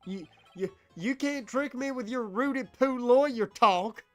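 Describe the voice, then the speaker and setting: A man's voice: high-pitched, a little slow, a bit bright, dry recording, soft background music. A congested man voicing a lazy, blustering male security guard who stammers defensively.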